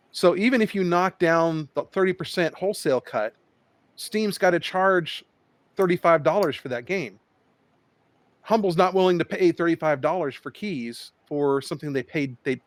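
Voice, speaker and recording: A man's voice: a little high, normal speed, no room sound. A man in a casual podcast chat, explaining things in a matter-of-fact way.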